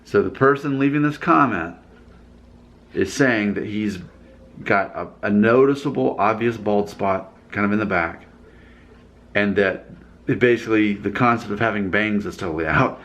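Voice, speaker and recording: A man's voice: on the low side, normal speed, a bit bright, muffled recording. A man casually rambling as he reacts to viewer comments in his vlog, often breaking into laughter.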